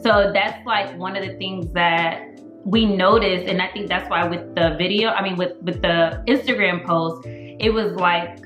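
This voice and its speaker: A woman's voice: lowish voice, fairly even intonation, measured pace, fairly bright tone, roomy sound, soft background music. A woman co-hosting a casual chat, speaking in a candid, emphatic and opinionated way. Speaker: podcast co-host.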